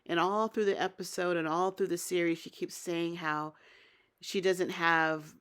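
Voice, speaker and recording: A woman's voice: lowish voice, fairly even intonation, measured pace, fairly bright tone, smooth. Opinionated woman recapping a TV episode. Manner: opinionated, chatty, thinks aloud. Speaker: TV show recap reviewer. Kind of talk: casual spoken episode recap.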